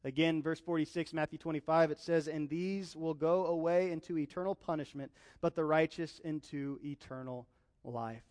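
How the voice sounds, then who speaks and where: High-voiced man preaching in a reverberant hall. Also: moderate pace, a little mellow. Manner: impassioned preaching, telling personal stories. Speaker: pastor. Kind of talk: sermon.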